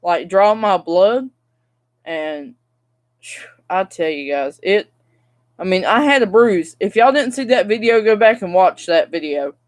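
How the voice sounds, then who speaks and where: A woman's voice: mid-range voice, lively intonation, a little slow. Exasperated young woman venting. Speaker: vlogger. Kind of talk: casual vlog rant to camera.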